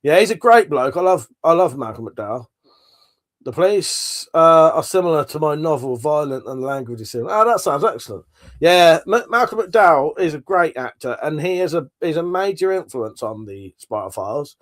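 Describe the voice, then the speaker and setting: A man's voice: a little high, lively intonation, moderate pace. A man hosting a livestream, chatting casually and rambling as he reads out comments, swearing now and then. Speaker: livestream host. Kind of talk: casual chat reading out live comments.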